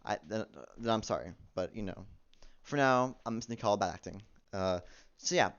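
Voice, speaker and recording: A man rambles through a casual, profane amateur movie review, halting often and restarting his sentences. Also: on the low side. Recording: dull lo-fi recording.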